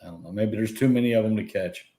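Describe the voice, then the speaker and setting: A man's voice: lowish voice, fast, dark tone. A man co-hosting a live trading stream, mostly giving short agreeing replies in casual chat.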